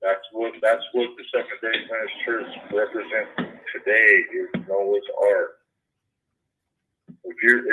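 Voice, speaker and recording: A man's voice: fairly low pitch, bright, forceful tone, a little hiss or hum. A man on a phone call, preaching, then swearing and ranting with many restarts. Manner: preachy and profane, rambling with restarts. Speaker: caller. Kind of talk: heated phone conversation. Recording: muffled phone-line audio.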